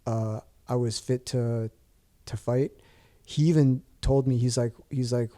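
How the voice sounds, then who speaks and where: A man's voice: medium pitch, steady tone, measured pace, warm tone. A man in his forties, a podcast guest telling a story in casual chat, rambling with restarts and fillers.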